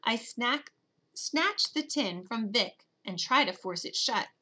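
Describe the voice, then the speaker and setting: A woman giving expressive, steady first-person narration of a children's storybook. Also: on the high side, takes it slowly, breathy edge. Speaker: audiobook narrator.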